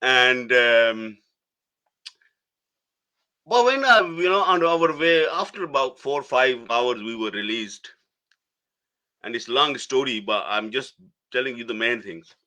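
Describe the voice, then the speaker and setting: A middle-aged man, a guest telling a personal story in a halting way, restarting phrases. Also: mid-range voice, lively intonation. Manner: halting, restarts phrases, soft laughs between words.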